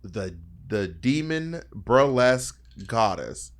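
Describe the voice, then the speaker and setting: A man co-hosting a podcast in a casual recap chat. He is animated and acts out the people he quotes in little voices. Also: mid-range voice, slow pace. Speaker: podcast co-host.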